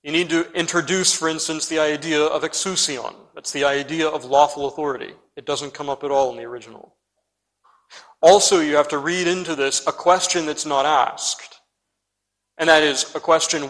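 A man's voice: fairly high pitch, moderate pace, fairly bright tone. Earnest preacher man in a reverberant hall. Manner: addresses listeners directly. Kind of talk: expository sermon. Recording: long reverb in a large hall.

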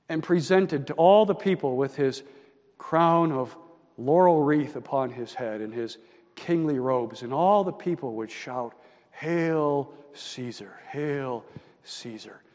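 A man preaching a sermon. He moves between loud emphatic lines and hushed, near-whispered ones. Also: medium pitch. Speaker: pastor. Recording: long hall reverb.

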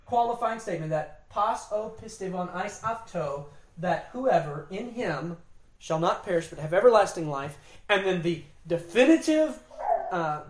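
A woman's voice: mid-range voice, reverberant. A woman giving a Bible lesson, explaining the grammar of a verse with emphatic repetition. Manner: emphatic, explanatory, repeats key phrases. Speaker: Bible teacher. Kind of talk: Bible teaching on scripture and grammar.

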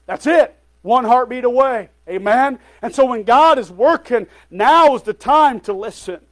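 A man's voice: extremely high pitch, a little slow. A male pastor preaching a sermon to his congregation, calling out "Amen?" and "folks" often and sometimes stumbling over his words.

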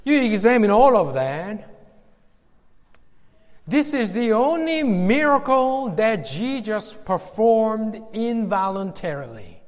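A male preacher giving a sermon, slow and emphatic, with dramatic pauses. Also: high-pitched, big pitch swings, in a large hall.

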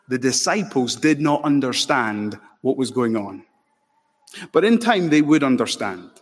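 A man preaching a sermon with passion, building to loud emphatic peaks. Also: medium pitch. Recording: long hall reverb.

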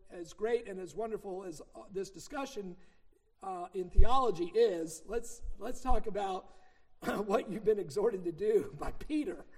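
A man's voice: high-pitched, darkish tone. A middle-aged man preaching a sermon as a minister, teaching in a conversational way with anecdotes and leaning hard on key points.

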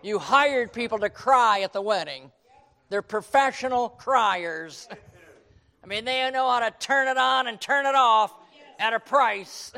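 A man preaching a sermon, quoting scripture and swinging from hushed tones to shouting. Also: extremely high pitch, vocal fry, smooth. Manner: quotes King James scripture.

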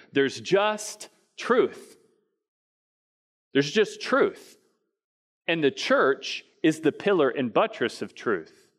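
A male pastor preaching from the pulpit in an emphatic, repetitive way. He drives his points home by saying them twice and by asking his listeners questions. His voice sits at an ordinary middle pitch for a man. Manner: emphatic, repeats key phrases and asks the congregation questions. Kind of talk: sermon.

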